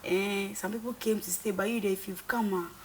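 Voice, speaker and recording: An earnest young woman talks through a falling-out, circling back and repeating herself as she acts out what was said. Her pitch sits in the middle, and there is a faint hum of ambience behind her. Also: fairly quick. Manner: earnest, repetitive, animated retelling with quoted dialogue. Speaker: reality show contestant. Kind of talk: casual conversation.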